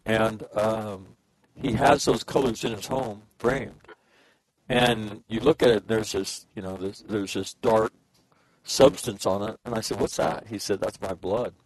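A man's voice: lowish voice, fairly even intonation, a little slow, no room sound, poor audio. A man telling a war story in a casual chat, swearing freely and acting out the dialogue.

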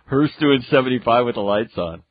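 A man's voice: mid-range voice, expressive, a little fast, dry recording, dull audio. A man hosting a radio talk show, chatting casually and rambling with jokes. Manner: rambling, jokey, acts out quotes.

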